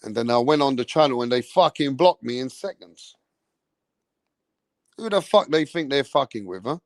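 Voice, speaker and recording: In a profane livestream rant, this man from England, who runs a boxing channel, keeps cursing and going over the same points. He has a mid-range, expressive voice at normal speed, captured dry in clean studio quality.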